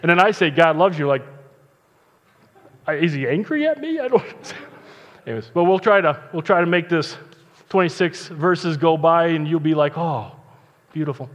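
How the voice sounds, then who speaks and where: A man's voice: on the high side, expressive, normal speed, long pauses, fairly bright tone. A man preaching a casual sermon as pastor, chatty and joking between Bible readings. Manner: chatty, joking asides, conversational. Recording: long reverb, dull lo-fi sound.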